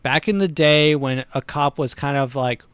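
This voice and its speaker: A man's voice: on the high side, normal speed, heavy background noise. Sardonic rambling male podcast host. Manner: sardonic, rambling, dark humor, chuckles at his own jokes. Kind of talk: comedic monologue.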